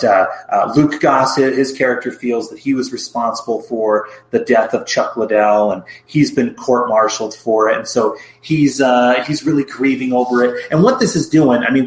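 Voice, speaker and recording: A man's voice: medium pitch, normal speed, hardly any pauses, reverberant, poor audio. A man co-hosting a podcast, recapping a film plot in casual chat with lots of asides. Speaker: podcast co-host.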